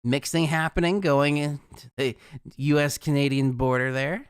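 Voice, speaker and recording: Chatty young male weather streamer, smooth clear voice, dry close sound, mid pitch. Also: steady tone, normal speed, no room sound. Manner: chatty, laughs at own asides. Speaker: weather livestream host. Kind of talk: casual live weather chat.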